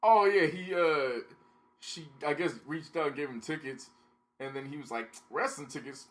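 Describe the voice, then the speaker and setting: A man co-hosting a podcast, chatting casually with relaxed, upbeat banter. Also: fairly high pitch, normal speed. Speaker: podcast co-host.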